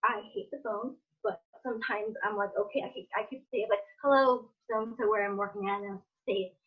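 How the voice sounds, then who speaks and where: A woman's voice: medium pitch, steady tone, a little fast, narrow, tinny audio. A woman who stutters, talking emotionally and openly on a video call in a casual meeting. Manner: stutters, rambles, swings between tearful and upbeat. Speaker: attendee. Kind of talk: emotional personal sharing.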